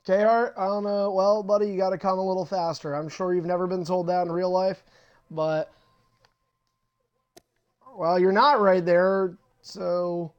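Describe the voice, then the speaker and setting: A young man with a high voice runs a live gaming stream, talking straight into his mic. He is brusque and foul-mouthed, bossing players around and getting impatient while he sets up matches. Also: steady tone, measured pace, clear, resonant tone, muffled recording. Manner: profane, impatient, bossy. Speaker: online wrestling league host. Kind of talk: casual livestream talk while setting up matches.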